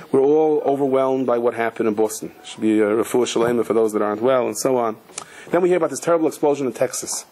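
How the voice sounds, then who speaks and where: Husky-voiced rabbi telling stories. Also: male voice, medium pitch, a little mellow. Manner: storytelling with Hebrew and Yiddish terms, frequent restarts. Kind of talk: sermon.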